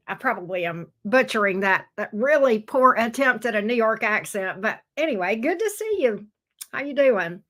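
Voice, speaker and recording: A woman's voice: medium pitch, lively intonation, moderate pace, a bit bright. A woman hosting a live-stream tarot reading, chatty and folksy, talking straight to her viewers. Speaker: tarot reader, stream host.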